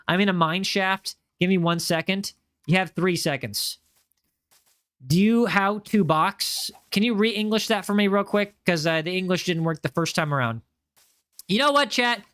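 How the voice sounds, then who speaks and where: Streaming a game live, a man gives playful, jokey commentary and chats with his viewers. His voice is high-pitched and bright with a forceful tone, and the recording is dry.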